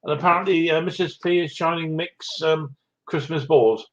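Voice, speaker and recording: A man's voice: a little high, fairly even intonation, moderate pace, a bit bright, highs cut off. A man hosting a live stream, chatting casually and greeting viewers by name with little chuckles, a bit short of breath. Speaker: livestream host. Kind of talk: casual chat reading out live comments.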